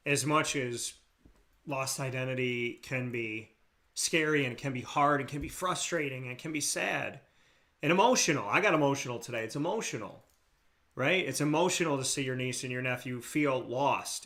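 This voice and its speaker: American guy hosting a talk show, bright punchy voice, heartfelt, keeps repeating himself for emphasis. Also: mid-range voice, normal speed. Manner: earnest, repetitive, passionate emphasis. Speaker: radio show host.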